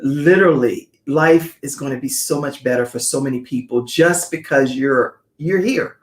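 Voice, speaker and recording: A woman's voice: extremely low pitch, moderate pace. Effusive woman talk show host, echoey room. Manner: warm, effusive, reads viewer comments aloud. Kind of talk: casual chat.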